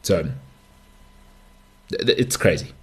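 A South African man in his thirties hosting a podcast alone, joking and rambling with many asides and restarts. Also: takes it slowly. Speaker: podcast host. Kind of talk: casual solo podcast monologue.

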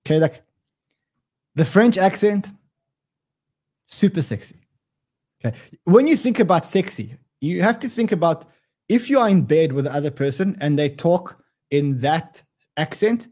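A man's voice: a little high, darkish tone, husky. Joking Australian man hosting a livestream. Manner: joking, rambling, full of restarts. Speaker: livestream host. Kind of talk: casual livestream chat.

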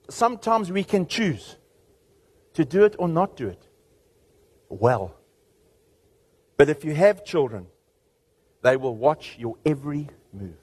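A man preaching a sermon as pastor, telling stories with big, animated swings in his voice. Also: a little high, slightly rough.

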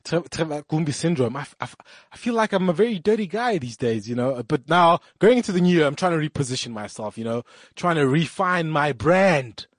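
A man's voice: a little high, expressive, brisk, few pauses, no echo, studio quality. A male radio show host doing a rambling, joking promo. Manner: rambling, joking, laughs at himself. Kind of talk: promo talk.

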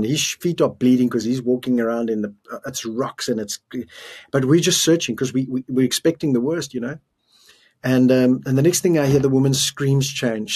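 A middle-aged man from South Africa tells a harrowing story in earnest, his voice husky and breathy at a steady middle pitch. He stops and restarts his sentences as he recalls it, in an interview setting. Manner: earnest, emotional retelling with restarts. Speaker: guest.

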